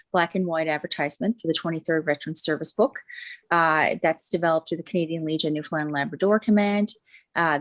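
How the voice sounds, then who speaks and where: A woman serving as deputy mayor, giving a committee report at a council meeting in a halting way, with frequent fillers and restarts. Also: lowish voice. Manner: hesitant, many fillers and restarts. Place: council chamber.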